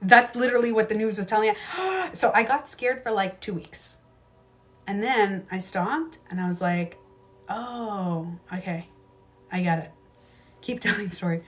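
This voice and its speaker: A woman in her thirties talks through her own hard stories on a casual livestream, with a mid-range pitch, blunt swearing and lively asides. Faint music plays underneath her voice. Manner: candid, swears freely, animated retelling with quick asides. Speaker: beauty coach livestream host.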